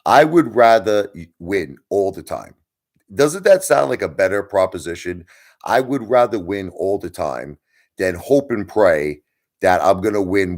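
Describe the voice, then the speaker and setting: A man with a low, darkish voice hosts a livestream and rants bluntly at his viewers. He swears and mocks them using put-on voices.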